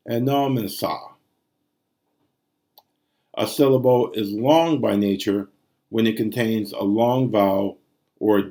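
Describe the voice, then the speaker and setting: A man's voice: lowish voice, a little mellow. A man teaching ancient Greek prosody in a recorded lesson, sounding out syllables and rhythms aloud.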